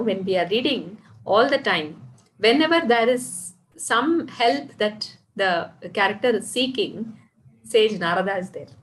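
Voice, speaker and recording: A woman with an Indian English accent sharing reflections in a scripture study group, pausing thoughtfully to find words. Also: medium pitch, rough recording.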